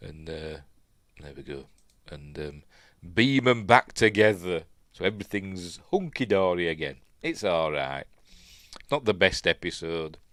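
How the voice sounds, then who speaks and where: Low-pitched Yorkshire host, dry and close-miked, meandering chatty delivery full of fillers. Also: male voice, fairly bright tone, dry recording. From Yorkshire, England. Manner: rambling, chatty, lots of fillers, self-correcting. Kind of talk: casual live commentary while watching.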